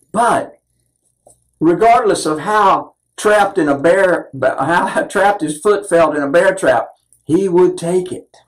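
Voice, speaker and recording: A man's voice: sits high, poor audio. An older man minister delivering an earnest, self-deprecating sermon full of personal stories.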